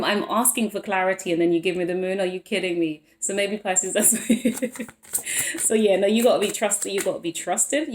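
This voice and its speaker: This tarot reader speaks on the low side with a darkish tone, rambling through a casual reading. She often breaks off mid-thought and laughs lightly, and the recording has a roomy echo.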